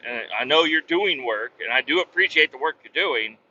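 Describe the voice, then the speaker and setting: Guy with a real sharp bright voice just venting about work, cussing, keeps restarting, kinda dull muffled audio. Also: fairly high pitch, expressive, normal speed. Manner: blunt, swears freely, rambling with many restarts. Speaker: podcast host telling a work story. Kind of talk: casual storytelling monologue. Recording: dull lo-fi sound with faint vehicle hum.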